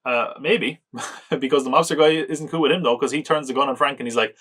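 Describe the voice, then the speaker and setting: A man with a mid-range, slightly bright voice talks fairly quickly as he hosts a podcast and casually reviews a film. He jokes and mocks, leaning on "like" and other filler words, and chuckles often.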